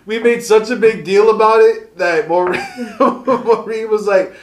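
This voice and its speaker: A man's voice: high-pitched, unhurried. A man hosting a casual podcast, telling a school story with lots of laughter and repeated words. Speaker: podcast host. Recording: roomy echo.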